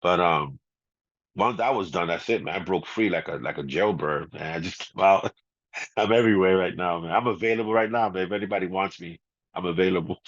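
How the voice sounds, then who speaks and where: A laid-back middle-aged man with a fairly low voice chats through an interview, chuckling and dropping easy fillers. The sound is dry and a bit dull, with no room around it. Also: a little fast, dry recording. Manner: laid-back, laughs often, many "you know" and "man" fillers. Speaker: guest DJ. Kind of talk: casual storytelling interview. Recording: slightly dull, muffled audio.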